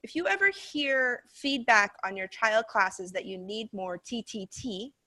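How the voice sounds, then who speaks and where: A woman's voice: fairly high pitch, animated, unhurried, pushed and bright. An American woman training teachers, explaining casually with fillers as she walks through a class recording. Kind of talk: casual training talk over a video.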